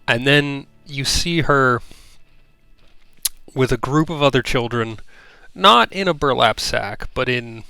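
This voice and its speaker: A man narrating a tabletop game as game master, describing the scene in an unhurried way with plenty of fillers. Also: medium pitch, pushed and bright, smooth, no room sound.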